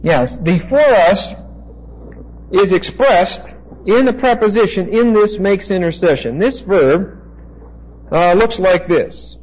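A man teaching a Bible passage as a preacher, slow and deliberate, pausing to spell out Greek words. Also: high voice, lively intonation, breathy edge, lo-fi sound.

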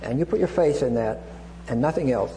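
A man's voice: medium pitch, expressive, fairly quick, warm tone. A man preaching an expository Bible sermon, teaching with frequent restarts and asides. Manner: teaching, digresses with repeated restarts and Greek terms. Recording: echoey hall with hum.

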